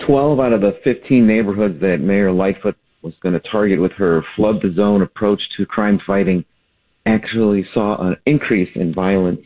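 A man, a city alderman, speaking as a guest in a radio interview with steady, critical comments. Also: lowish voice, moderate pace. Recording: tinny phone line.

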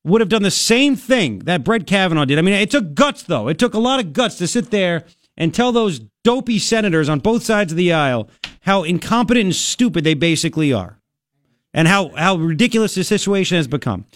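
A man's voice: high voice, expressive, a little fast, dry recording. A male talk radio host giving an emphatic, ranting political commentary.

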